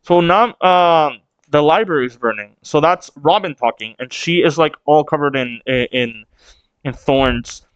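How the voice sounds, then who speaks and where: A man's voice: fairly high pitch, measured pace, clean tone, no echo, highs cut off. Man rambling through a manga read-along. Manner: rambling, restarts, swears casually. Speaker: manga reaction host. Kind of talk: casual read-along commentary.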